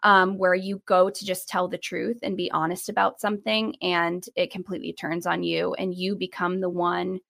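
A woman's voice: moderate pace, creaky, hardly any pauses. A young woman speaking as a podcast guest, giving earnest advice and acting out quoted dialogue with a lifted voice. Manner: animated, acts out quoted dialogue with rising pitch.

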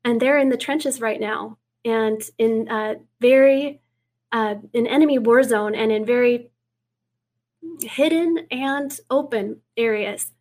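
A woman guest speaking earnestly in an interview, reading scripture aloud and dropping to a hush for quoted words. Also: on the high side, takes it slowly. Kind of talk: preaching in an interview.

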